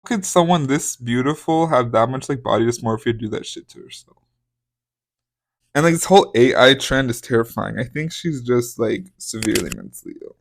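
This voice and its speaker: With a medium-pitched voice and a moderate pace, this young man hosts a podcast full of crude, offhand celebrity gossip and theatrical, over-the-top eruptions. The audio has no echo.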